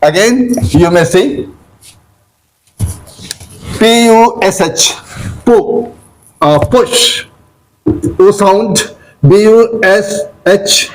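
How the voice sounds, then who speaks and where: Man, Indian English accent, Hindi speaker, high voice, very slow, spells and repeats words, classroom teacher. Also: a little hiss or hum, low-quality recording. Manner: spells words letter by letter, repeats often, calls listeners "dear". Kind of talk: slow classroom pronunciation lesson.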